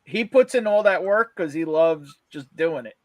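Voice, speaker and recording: A man hosting a casual livestream chat, excitable and swearing, laughing often. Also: on the high side, normal speed, no room sound. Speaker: host.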